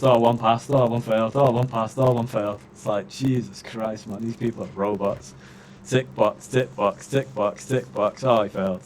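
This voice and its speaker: Male streamer, mid pitch, rambling and sweary, faint noise behind. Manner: swears a lot, ranting with many fillers. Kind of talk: casual chat.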